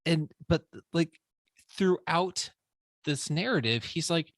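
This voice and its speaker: A man co-hosting a podcast, talking sympathetically and haltingly as he searches for his words. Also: fairly high pitch, expressive, no echo. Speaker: podcast co-host. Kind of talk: casual music discussion.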